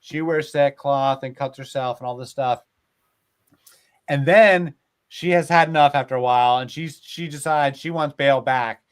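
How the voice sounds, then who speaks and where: A man retelling old myths in a casual, animated way, with lots of filler words, as a podcast host. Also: medium pitch, normal speed, clear, resonant tone. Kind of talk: casual storytelling chat.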